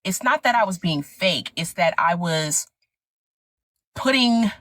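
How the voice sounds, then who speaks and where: A middle-aged woman sharing her personal story with animated, emphatic conviction. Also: fairly low pitch, slow, dry recording. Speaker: guest. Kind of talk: personal testimony in conversation.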